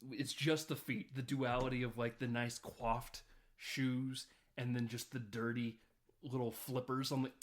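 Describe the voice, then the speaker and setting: A man's voice: mid-range voice, little pitch movement, unhurried. Man rambling through a movie recap. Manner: rambling recap with many fillers. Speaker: podcast co-host. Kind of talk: casual film discussion.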